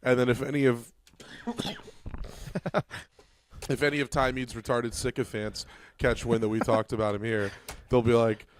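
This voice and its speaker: A man co-hosting a comedy podcast in casual chat, rambling and halting with lots of fillers and restarts. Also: mid-range voice, little pitch movement, a little hiss or hum. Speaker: podcast co-host.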